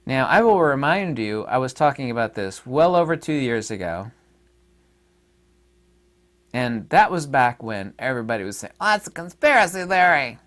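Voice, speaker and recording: A man's voice: medium pitch, animated, normal speed, pauses often. A man talking to his audience in a casual solo monologue, rambling and emphatic, with many fillers and restarts. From United States. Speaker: online commentator.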